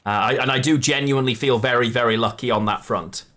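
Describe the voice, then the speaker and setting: A man's voice: mid-range voice, fast talker, fairly bright tone. A man live-streaming a card game, chatting with viewers and correcting himself as he plays. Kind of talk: live game commentary to chat.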